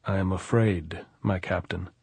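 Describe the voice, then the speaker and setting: A man's voice: deep voice, steady tone, measured pace, creaky, husky, no room sound, heavily acted. A man reading an audiobook, voicing a frightened yet dignified soldier who answers in short, subdued words. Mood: quiet, afraid. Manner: subdued, quiet, terse.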